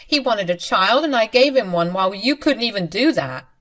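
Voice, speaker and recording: Brief: woman voicing a manipulative young mistress in a story reading, pitched up, shrill and accusing. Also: animated, moderate pace, a bit bright, close to an everyday voice. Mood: indignant.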